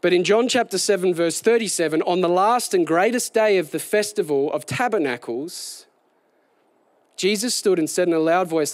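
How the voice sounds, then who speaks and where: High-voiced animated male preacher. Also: moderate pace, no echo. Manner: animated, building to raised excited delivery. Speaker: pastor. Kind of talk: sermon. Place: outdoors.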